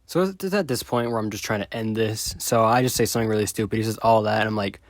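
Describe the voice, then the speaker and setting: A man retelling a chat exchange in a sarcastic, deadpan commentary style. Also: on the low side, fast, hardly any pauses, dry recording, studio quality. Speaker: video creator.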